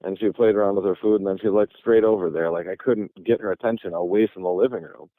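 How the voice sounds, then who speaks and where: Over a tinny phone line, a deep-voiced man from Michigan talks fast in a steady tone, with no echo. He's a guest calling from a parking lot, telling a long story in a loose, rambling way and restarting often.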